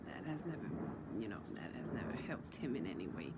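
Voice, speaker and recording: A woman's voice: low-pitched, sing-song, moderate pace. A woman vlogger telling a personal spiritual story, intense and profane, often dropping into a whisper and repeating herself. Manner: many restarts and repeated words.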